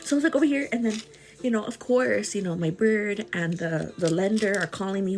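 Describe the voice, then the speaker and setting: A woman chatting casually with her livestream viewers over breakfast at home, animated and calling them "girl". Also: medium pitch, a little fast, background noise. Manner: greets viewers by name mid-story. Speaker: livestream host. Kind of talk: casual chat while eating breakfast.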